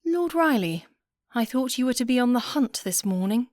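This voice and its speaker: A woman's voice: fairly high pitch, animated, normal speed, darkish tone, no room sound, studio quality, pitched above the performer's own voice, natural voice. Woman reading a spirited young noblewoman. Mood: poised.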